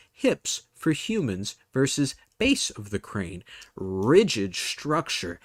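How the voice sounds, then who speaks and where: A man's voice: on the low side, no echo, clean studio sound. A man hosting a casual comedy podcast, rambling through fillers and restarts and laughing often. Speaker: podcast host.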